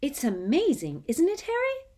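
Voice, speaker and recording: A squeaky eager schoolboy. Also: female voice, big pitch swings, measured pace. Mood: excited. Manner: squeaky, breathless. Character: eager excitable schoolboy fan. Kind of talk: audiobook character voice.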